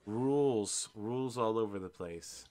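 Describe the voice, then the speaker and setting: A man's voice: lowish voice, unhurried, a little mellow. A man hosting and narrating a tabletop role-playing game as game master, in a chatty, self-deprecating way.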